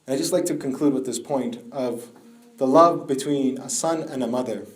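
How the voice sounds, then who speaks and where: A young man giving a religious lecture to a youth group, building from plain storytelling to a high, tearful lament. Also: normal speed. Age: young adult.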